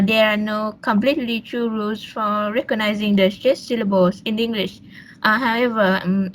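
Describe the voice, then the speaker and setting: A woman's voice: a little high, a little hiss or hum, rough recording. A young woman, presenting a class lesson on a video call, hesitant with fillers and restarts. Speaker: student presenter.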